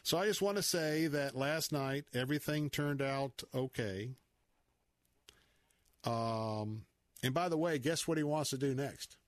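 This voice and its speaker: A man's voice: medium pitch, a little slow, dry recording, studio quality. A man with a Southern accent hosting a Christian talk radio show, speaking in a folksy, preachy, conversational way.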